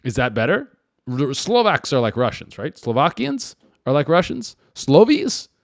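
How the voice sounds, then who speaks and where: A young man hosting a comedy podcast, riffing casually and acting out characters in quick put-on voices. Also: mid-range voice, sing-song, gravelly, no echo. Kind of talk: casual comic commentary.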